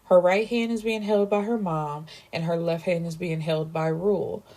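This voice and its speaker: A woman book reviewer casually recapping a novel, chatty and emphatic, reacting out loud to the story. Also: fairly low pitch, fairly even intonation, moderate pace.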